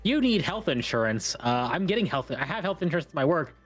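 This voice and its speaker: A man's voice: a little high, sing-song, a little fast. Chill guy co-hosting, teasing, faint music behind. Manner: laid-back, joking, teasing. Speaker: host's spouse and co-host. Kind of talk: casual chat.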